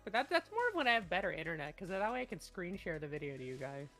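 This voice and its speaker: A woman's voice: lowish voice, big pitch swings, fast, faint music behind. A woman running a tabletop game as game master, chatting casually and rambling with many restarts. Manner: rambling, restarts often, bursts into loud laughter. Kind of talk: casual chat on a voice call.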